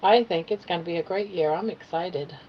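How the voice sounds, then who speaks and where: Chatting with her viewers on a relaxed home livestream, an older woman pauses now and then to coo at her pet. Her voice is on the low side and brisk, captured in muffled, lo-fi sound with a slight hiss underneath.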